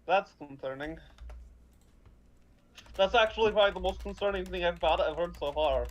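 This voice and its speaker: A man's voice: high voice, moderate pace, close to an everyday voice. A man voicing a protective woman warrior in a tabletop game, hesitant and full of fillers. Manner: hesitant, laughing, lots of fillers. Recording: dull lo-fi mic.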